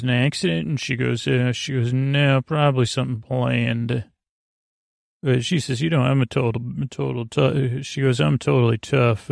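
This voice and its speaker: A man hosting a podcast, recapping a TV episode in a halting, rambling way with many fillers and restarts. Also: mid-range voice, gravelly, dry recording, studio quality. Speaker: podcast host.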